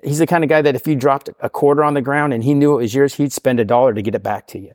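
A man's voice: mid-range voice, quick pace, darkish tone, no room sound, studio quality. A middle-aged man from the United States in casual storytelling, rambling and self-deprecating, often tagging "right?" onto his sentences. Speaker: podcast guest sharing recovery story. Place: podcast studio.

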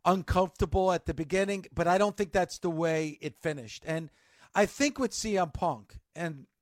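A man's voice: high-pitched, normal speed, no room sound, clean studio sound. A man hosting a wrestling talk show, chatting casually and chiming in with short replies. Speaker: podcast host.

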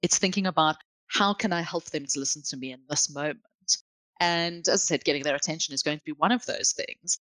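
A woman, a guest expert, explaining calmly and clearly on a podcast. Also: low-pitched, a little fast, dry recording.

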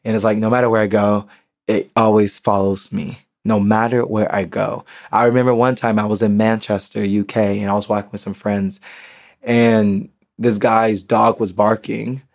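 An American young man speaking candidly in an unedited solo podcast monologue, halting with ums and restarts. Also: lowish voice, little pitch movement, gravelly. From United States. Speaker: podcast host.

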